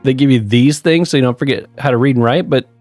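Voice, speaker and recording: A man's voice: medium pitch, fast, darkish tone, no room sound, faint music behind. A man hosting a gaming channel, giving chatty, upbeat let's-play commentary. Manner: upbeat, chatty, laughs often.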